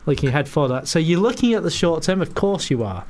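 A man's voice: a little high, sing-song, fast talker, a little mellow. A man co-hosting a casual football podcast, making dry, wry asides and laughing often. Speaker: podcast co-host. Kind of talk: casual chat.

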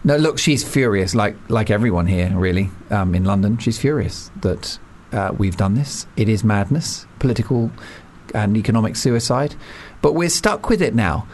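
A man's voice: on the low side, expressive, moderate pace, a little mellow, slight background noise. A middle-aged man hosting a casual political chat, making wry, dry jokes. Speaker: podcast host.

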